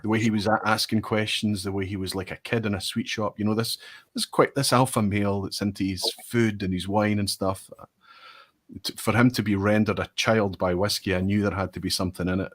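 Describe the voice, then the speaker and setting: A man, a whisky reviewer, telling an animated, self-mocking story in casual chat over a video call. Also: on the low side, a little fast. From Scotland.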